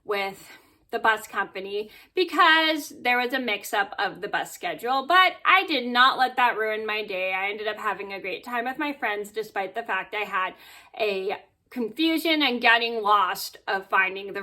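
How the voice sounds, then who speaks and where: A woman vlogger telling a personal story to camera in a chatty, animated way, with many fillers and "blah blah". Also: mid-range voice, unhurried.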